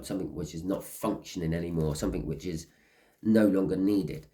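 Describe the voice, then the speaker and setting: A man's voice: low-pitched, mellow. A man giving a casual tarot reading, rambling and acting out little scenes as he talks. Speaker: tarot reader.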